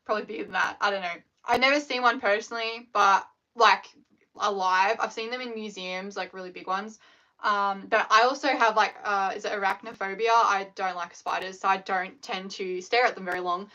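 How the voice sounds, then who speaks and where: A woman's voice: mid-range voice, fairly even intonation, fairly quick, bright, forceful tone. A young Australian woman chatting casually on a live stream, rambling with lots of fillers. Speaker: scrunchie maker live-streaming. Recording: dull lo-fi livestream audio.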